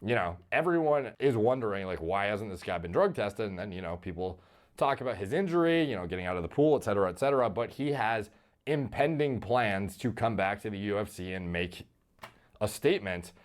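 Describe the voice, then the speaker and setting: A man's voice: lowish voice, animated, a little fast. A man giving casual, profane commentary about a fighter's physique in a video played on stream.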